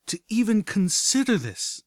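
A man puts on an earnest young mare pony healer, her voice pitched well above his own and pushed loud with reproach. She pleads from the heart in a storybook reading, held in a dry, close sound. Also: big pitch swings, unhurried, no room sound. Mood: reproachful. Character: grieving, earnest female unicorn pony healer.

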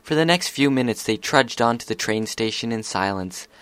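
A man calmly narrating a story chapter as an audiobook reader. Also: mid-range voice, normal speed, smooth, dry recording.

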